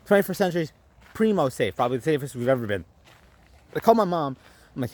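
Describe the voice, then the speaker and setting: A young man vlogging, telling a story with animated delivery and acting out his own lines. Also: medium pitch, rapid-fire. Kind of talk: storytelling vlog.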